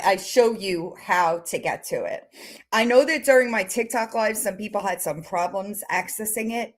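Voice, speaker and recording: A woman streaming and chatting casually, swearing freely and cooing to her cats in a high baby voice. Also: normal speed, rough recording. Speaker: streamer reacting to videos. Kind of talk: casual chat.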